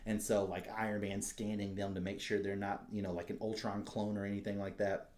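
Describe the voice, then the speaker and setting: Profane excitable man on a podcast. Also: fairly low pitch, brisk, roomy sound. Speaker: podcast co-host. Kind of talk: casual chat.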